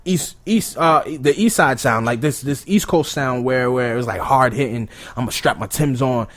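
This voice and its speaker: A young man, a rapper as a podcast guest, talking casually, bluntly and with animated swearing. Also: medium pitch, moderate pace.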